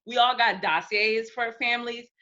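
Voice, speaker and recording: A woman's voice: a little high, normal speed, lo-fi sound. A woman from the United States telling stories in a casual interview, laughing, swearing and acting out what people said. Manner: animated, laughing, swearing, acts out quotes. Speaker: interview guest.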